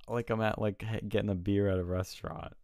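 A young man with a low, smooth, resonant voice tells stories in a relaxed chat and acts out the people he met. He swears freely, and the sound is close and dry with no room echo. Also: fairly quick. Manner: animated storyteller acting out quotes, swears and laughs often. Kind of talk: casual chat, storytelling.

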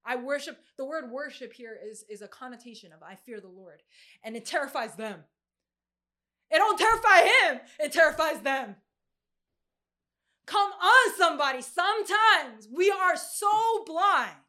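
A woman preaching a casual, animated sermon, slangy and quick to laugh. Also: high-pitched.

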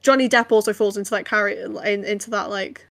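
A young English woman co-hosting a podcast in casual chat, bubbly and quick to laugh, wandering off on tangents. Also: mid-range voice, fairly even intonation, gravelly, a bit bright. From England. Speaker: podcast co-host.

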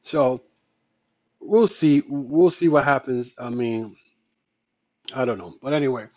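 A man's voice: mid-range voice, slow, darkish tone. Podcast guy going off on a heated rant, keeps repeating himself, kinda muffled lo-fi audio. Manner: heated, repetitive, emphatic ranting. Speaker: podcast host. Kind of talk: casual ranting commentary.

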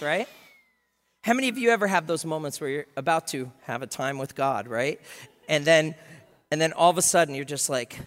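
A pastor preaching a sermon in a lively, humorous way, acting out little scenes. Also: male voice, fairly high pitch, normal speed, big-room sound.

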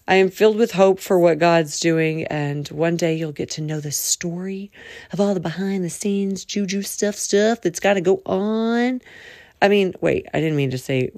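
A woman talks in a casual faith chat from her bed late at night, her voice low and gravelly. She rambles, stops to fix her own words and speaks straight to the listener in a close, dry sound with no room echo. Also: a little mellow. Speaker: podcast host.

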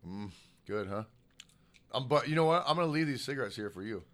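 With lively intonation and a brisk pace, this man co-hosts a podcast full of loose, profane conversation, rambling, laughing frequently and cursing heavily. His voice is mid-range and a touch bright.

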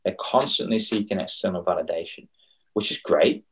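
A man's voice: sits low, normal speed, a little hiss or hum. A young man coaching on confidence in a casual podcast chat, acting out quoted voices as he tells stories. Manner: animated storyteller, acts out quoted voices.

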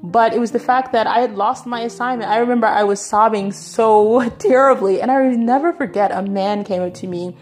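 A woman's voice: fairly high pitch, a little fast, hardly any pauses, a little mellow, soft background music. Chatty woman giving a Bible teaching. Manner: chatty, often asks "right?" and says "you know".

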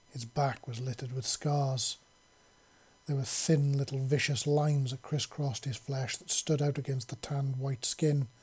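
Husky man reading a story. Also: medium pitch, mellow. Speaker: story narrator.

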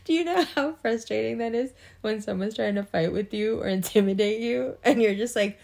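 In a casual monologue to camera, a young adult woman acts out others' reactions and laughs frequently, stretching out her words. Her fairly high voice has lively intonation and sounds gravelly yet a little mellow.

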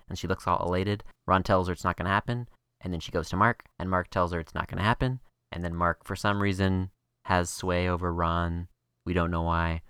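Wry low-voiced woman podcast co-host. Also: clean tone, dry recording, clean studio sound. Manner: wry, skeptical, fast recaps. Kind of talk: casual chat.

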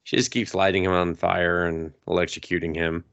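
A man's voice: level tone, brisk, gravelly, fairly bright tone, smooth, muffled recording. Man retelling an anime with silly voices. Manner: crude, joking, acts out characters in high silly voices. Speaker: podcast co-host. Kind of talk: casual anime review chat.

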